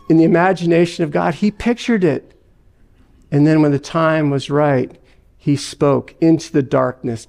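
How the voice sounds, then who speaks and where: A male pastor preaches in an earnest, reflective manner. His voice sits fairly high and carries a distinct gravelly grain. He speaks to a congregation, pausing now and then on fillers. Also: dark tone. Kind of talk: sermon.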